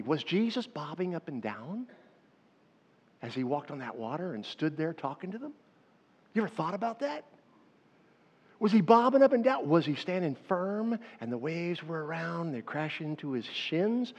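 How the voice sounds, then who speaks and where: Guy preaching in a big church, voice a bit high, long echo and kinda muffled sound. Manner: animated, swings between hushed storytelling and loud calls to the crowd. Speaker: pastor. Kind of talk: sermon. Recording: dull sound with long hall reverb.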